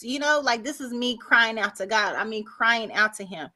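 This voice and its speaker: A woman guest on a video-call podcast, telling her life story in a casual, animated way and acting out other people's words. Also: fairly high pitch, normal speed, few pauses.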